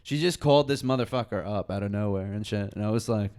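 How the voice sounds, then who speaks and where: A man's voice: fairly low pitch, fast, a little mellow, smooth. A man from Long Island, co-hosting a podcast and telling a long, profane, rambling story. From Long Island, New York. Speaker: podcast co-host. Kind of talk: casual chat.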